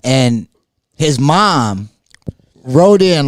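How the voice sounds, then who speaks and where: A man co-hosting a casual talk show, animated and laughing as he talks. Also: on the high side, normal speed, dry recording, clean studio sound. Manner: animated, laughs while talking. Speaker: podcast co-host. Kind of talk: casual chat.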